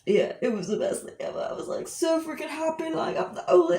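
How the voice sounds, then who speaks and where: A high-pitched, dark-toned woman in her twenties talks fairly quickly with lively intonation as she draws on stream. Her casual, rambling story is full of fillers, and the space sounds reverberant.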